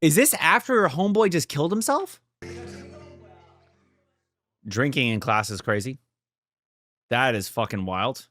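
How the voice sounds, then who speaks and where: A man's voice: lively intonation, measured pace, long pauses, no echo, soft background music. Young man swearing through a heated reaction. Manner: profane, heated and emphatic, swings between loud outbursts and low muttering. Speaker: reaction video creator. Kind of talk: casual reaction commentary.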